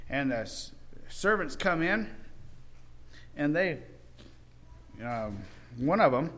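A man's voice: fairly high pitch, sing-song, slow pace, long pauses, a bit bright. A man retelling a Bible story in a folksy, informal way, often acting out the characters' voices.

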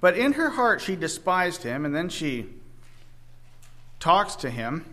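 Male preacher, slightly high voice, slow halting sermon delivery, raises his voice for scripture. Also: very animated, bright, forceful tone. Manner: halting, with frequent restarts.

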